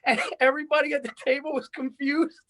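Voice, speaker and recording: A man's voice: extremely high pitch, little pitch movement, quick pace, sharp tone. A man co-hosting a podcast who talks in loose, rambling casual chat and laughs easily. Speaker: podcast co-host.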